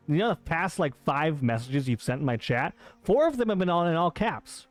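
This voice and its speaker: A man's voice: on the high side, very animated, brisk, hardly any pauses, soft background music. A man streaming a game live, bantering and joking with his chat in a playful, teasing way.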